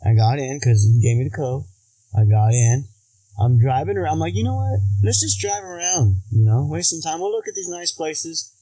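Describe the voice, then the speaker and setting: Animated American man telling stories. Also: on the high side, normal speed, no echo, low-quality recording. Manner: animated, acts out quotes in other voices, laughs often. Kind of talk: casual storytelling chat.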